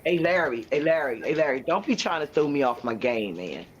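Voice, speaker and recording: A man's voice: fairly high pitch, animated, fairly quick, slight background noise. A man in casual podcast chat, talking emphatically and repeating his points. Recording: dull lo-fi recording.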